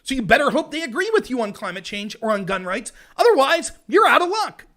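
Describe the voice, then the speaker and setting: A man hosting a political commentary livestream, ranting in an animated, sarcastic way. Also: extremely high pitch, a little fast. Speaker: host.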